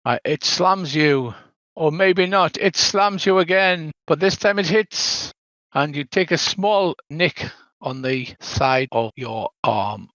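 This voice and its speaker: Slow and expressive, a slightly high, somewhat bright male voice guides a tabletop game, with the older game master narrating scenes at length. He sometimes slips in "so there is," and the lo-fi audio is dull and dry with no echo.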